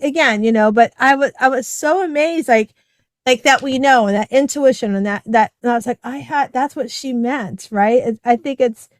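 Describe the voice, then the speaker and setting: A middle-aged woman talks as a podcast guest, her voice sitting a little high for a woman. She tells a personal story in a loose, chatty way, filling it with "like" and "right?". The sound is dry, with no room echo. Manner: chatty, heavy use of "like" and "right?". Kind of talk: casual conversational storytelling.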